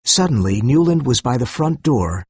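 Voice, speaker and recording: Male narrator, very husky voice, dry close sound, measured reading. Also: medium pitch, big pitch swings, darkish tone, no room sound. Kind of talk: scripted story narration for learners.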